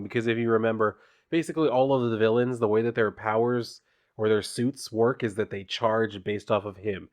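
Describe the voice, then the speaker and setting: A man's voice: lowish voice, fairly even intonation, normal speed. Casual, rambling man recapping a comic. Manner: loose, rambling, with fillers and mild swearing. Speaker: comic book reviewer.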